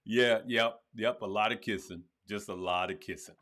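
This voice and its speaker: A man's voice: lowish voice, normal speed. A man hosting a live stream on crypto, talking straight to his viewers and repeating his points. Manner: animated, talks to viewers as "good people", often repeats himself. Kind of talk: casual live-stream commentary.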